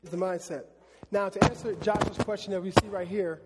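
A man preaching a casual Bible lesson, chatty and animated, with many fillers. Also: high voice, moderate pace, long reverb tail, heavy background noise.

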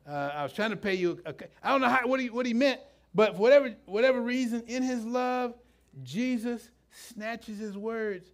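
A middle-aged man preaches a sermon in a loose, conversational way. His voice sits fairly high, and he often stops, restarts, and drifts into asides. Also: normal speed. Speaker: pastor.

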